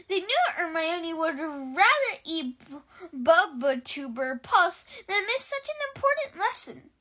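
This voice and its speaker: A woman reading a novel aloud in an expressive storytelling manner. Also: very high-pitched. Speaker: reader.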